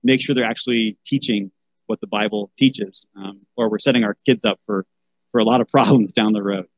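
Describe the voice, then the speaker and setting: A man's voice: on the low side, fairly even intonation, a little fast, dry recording, rough recording. A man reading a children's Bible story aloud, breaking off for wry asides and a rant about how such books should be chosen. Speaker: podcast host.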